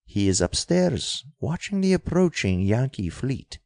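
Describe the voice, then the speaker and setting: A man's voice: medium pitch, very animated, unhurried, vocal fry, darkish tone, no room sound, clean studio sound, voice pushed up. A man voicing a cold, sneering young male villain in an audiobook, speaking coolly and with contempt. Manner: cool, sneering, clipped.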